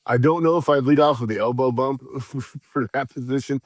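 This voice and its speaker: A man's voice: medium pitch, normal speed, no room sound. A man from Missouri, a guest co-host on a podcast, chatting casually and making dry joking remarks. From Missouri, USA. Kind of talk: casual chat.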